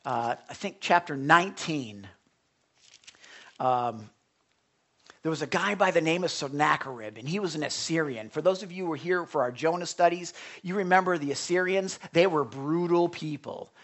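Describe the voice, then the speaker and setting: Pastor, male, expressive sermon delivery, drops to near-whispers, questions the room, repeats words. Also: a little high, moderate pace. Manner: expressive, swings from loud emphasis to hushed near-whisper; asks the congregation questions, repeats and restarts words.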